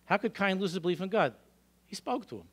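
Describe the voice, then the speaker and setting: A middle-aged male rabbi lecturing a congregation in a synagogue, telling animated stories and throwing out rhetorical questions. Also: high-pitched, fast, breathy edge. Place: synagogue hall.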